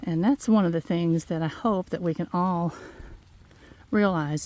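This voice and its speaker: Lady kinda out of breath, slow and gentle, lowish voice, talking into her phone outside. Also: slight background noise. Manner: gentle, halting, encouraging. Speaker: farm vlogger. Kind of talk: casual heartfelt talk to viewers. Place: outdoors in fog. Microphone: handheld phone.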